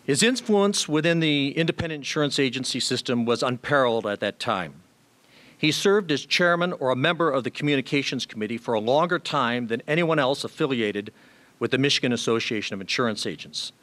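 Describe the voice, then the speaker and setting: A man's voice: medium pitch, expressive, a bit bright. Man reading a formal tribute. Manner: measured, formal, reads prepared remarks with small hesitations. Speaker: tribute speaker. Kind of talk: formal prepared tribute speech.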